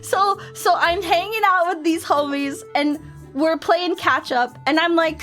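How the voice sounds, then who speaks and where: Woman streamer, veteran, animated storyteller; high voice, relaxed pace. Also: measured pace, soft background music. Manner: animated, laughing, acts out friends' voices. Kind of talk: casual storytelling on a live stream.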